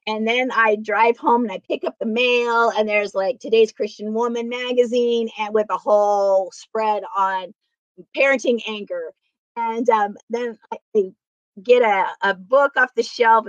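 A middle-aged woman tells stories from her own life in a fairly high voice, and she acts out the lines of the people in them. The recording is muffled and dry, with no room sound at all. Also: no room sound. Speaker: guest speaker. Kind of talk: personal storytelling interview.

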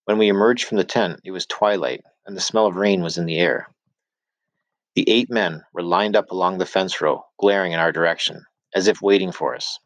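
Low-voiced man narrating a story. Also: normal speed, no room sound. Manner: steady storytelling with voiced dialogue. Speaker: audiobook narrator. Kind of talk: scripted narration.

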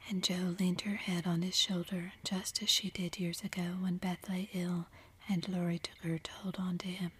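A woman's voice: on the low side, flat delivery, husky. Woman reading a story in a whisper. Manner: soft, slow, soothing. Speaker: narrator.

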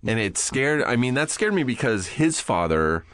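A very animated man with a medium-pitched, slightly bright voice hosts a podcast at a moderate pace, telling crude, profane, self-mocking stories and acting out his own muttering in casual chat. The studio-quality recording has no room sound.

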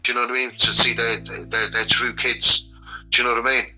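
A man with a Scouse accent talking earnestly as a guest, halting and repeating his words. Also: mid-range voice, level tone, bright, forceful tone, low-quality recording. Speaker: guest, children's rights campaigner. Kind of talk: casual podcast interview.

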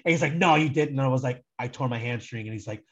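Young American guy, guest storyteller, casual and rambling, husky tone, muffled call line. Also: medium pitch, fast. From United States. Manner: rambling, animated, heavy use of "like". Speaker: guest, soccer super fan.

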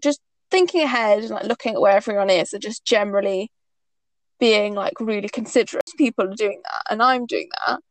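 A woman's voice: medium pitch, brisk, a little hiss or hum, rough recording. A young woman from the Northeast of England, co-hosting a podcast and telling stories in casual chat, with many "like"s. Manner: chatty storytelling, lots of "like". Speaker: podcast co-host.

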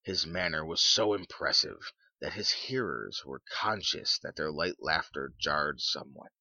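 Very deep gravelly storyteller man. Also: no room sound. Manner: measured, even storytelling. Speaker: narrator. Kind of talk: storybook reading. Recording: dull lo-fi sound.

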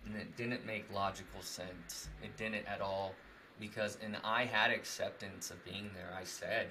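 A man's voice: on the low side, fairly even intonation, unhurried, noisy background. A young man in casual conversation, rambling with many fillers and frequent laughs. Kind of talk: casual chat.

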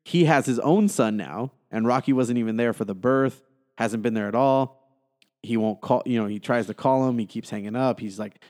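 Male podcast co-host, casual and profane, acts out lines in a low voice, long reverb. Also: normal speed, darkish tone. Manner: swears freely, acts out characters' lines in a low voice. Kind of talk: casual movie review chat.

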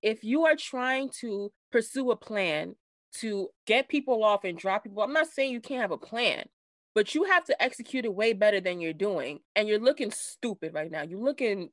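Slangy, animated woman podcast co-host. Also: medium pitch, moderate pace, no room sound. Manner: animated, slangy, does voices when quoting. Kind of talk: casual recap chat.

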